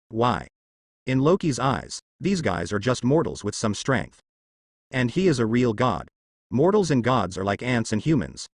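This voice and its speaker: A man narrating a translated fan novel in a steady reading voice. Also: medium pitch, dry recording, clean studio sound.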